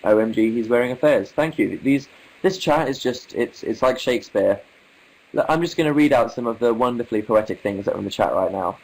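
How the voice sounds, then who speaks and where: A man's voice: medium pitch, lively intonation, brisk, darkish tone, poor audio. Young man, English accent, livestream host, wry, articulate, casual chat. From England. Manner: wry, articulate, reads chat aloud with amused asides.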